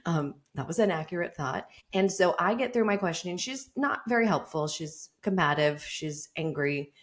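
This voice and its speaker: A woman attorney, a podcast guest, telling a story in casual chat, animated and laughing as she goes. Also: fairly low pitch, normal speed.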